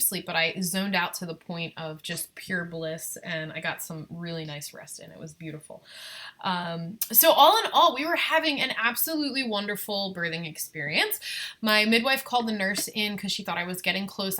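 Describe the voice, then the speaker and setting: Young woman, live-stream vlogger; bright tone, candid, reflective storytelling with frequent fillers. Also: on the low side. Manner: candid, reflective, many ums and restarts.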